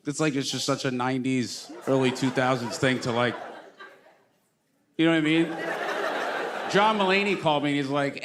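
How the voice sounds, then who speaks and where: A man doing a stand-up comedy set on stage, animated and rambling, with many false starts. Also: mid-range voice, moderate pace, pauses often, noisy background. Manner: animated, jumps into exaggerated voices for quoted people.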